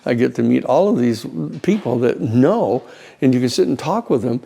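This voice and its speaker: A man, a lawyer, telling stories in an animated, conversational way, often repeating words as he builds a point. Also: medium pitch, moderate pace, gravelly, husky. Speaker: lawyer and institute president. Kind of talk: conversational storytelling.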